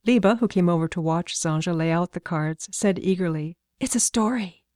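A woman narrating an audiobook in a calm, measured way. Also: lowish voice, dry recording, clean studio sound.

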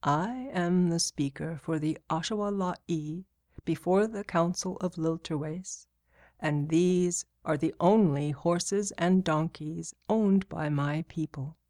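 A woman voicing a wise old male speaker for his people, talking slowly in a soft, measured way. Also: fairly low pitch, dry recording, studio quality.

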